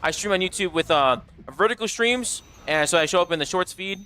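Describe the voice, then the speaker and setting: A man's voice: high-pitched, lively intonation, fairly quick, sharp tone, smooth. A young man streaming a game live, chatting casually with viewers, swearing often and reading out chat. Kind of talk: casual livestream chat while gaming.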